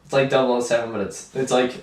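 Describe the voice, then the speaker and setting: A man's voice: medium pitch, little pitch movement, fast, echoey room, distant mic. A young man co-hosting a podcast, joking and laughing in casual comedic chat. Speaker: podcast co-host.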